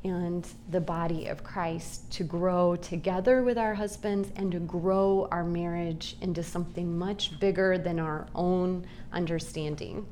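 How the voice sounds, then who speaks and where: A woman's voice: on the low side, fairly even intonation, darkish tone, slight background noise. A woman in her forties giving a personal, earnest Bible teaching talk to a group, speaking in a confessional way. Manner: earnest, confessional, slow and deliberate. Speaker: speaker at a Christian women's gathering.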